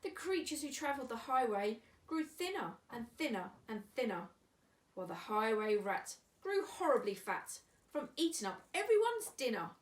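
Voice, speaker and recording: A woman's voice: on the high side, sing-song, moderate pace, far from the mic. A woman volunteer reading a rhyming picture book to children in a sing-song storytime delivery. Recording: echoey room, away from mic.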